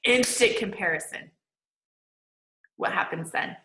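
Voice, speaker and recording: A woman's voice: mid-range voice, measured pace, sharp tone, echoey room, poor audio. A woman manifesting coach giving a casual online lecture, chatty and full of "like". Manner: chatty, peppered with "like" and laughs.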